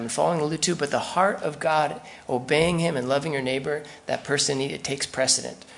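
A man's voice: fairly high pitch, vocal fry, a bit bright. A man preaching a sermon in a conversational way, acting out the voices of the people he quotes. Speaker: pastor.

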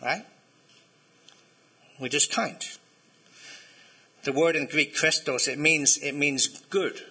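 Male pastor, conversational sermon delivery, very bright tone with a breathy edge. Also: a little high, slow pace, pauses often, poor audio. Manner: conversational, asks the congregation to respond.

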